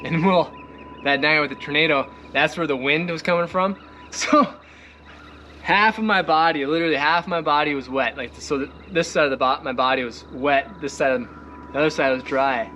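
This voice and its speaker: A man's voice: on the high side, moderate pace, sharp tone. A young man with a Midwestern accent, casually walking through his boat setup, rambling with lots of fillers and laughing often as he moves around outdoors. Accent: Midwestern American. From Minnesota or the Midwest. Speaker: vlogger showing his boat. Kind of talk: casual walkthrough. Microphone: camera set on the boat, distance varies. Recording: outdoor recording with clear background noise.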